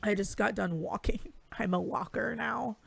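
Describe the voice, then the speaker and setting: A young woman co-hosts a loose sports chat with a bubbly, joking manner, dropping swear words as she goes. Her voice carries a gravelly fry, recorded close and dry. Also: medium pitch, fairly even intonation, a little slow, fairly bright tone, no room sound. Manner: bubbly, swears casually, laughs often. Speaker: podcast co-host.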